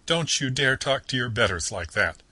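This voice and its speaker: A man voicing a boastful, conceited male toad gentleman from a storybook, excitable and pompous. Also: medium pitch, slow, slightly rough, no echo, pitched above the performer's own voice, full character voice. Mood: indignant. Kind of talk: reading a storybook excerpt aloud.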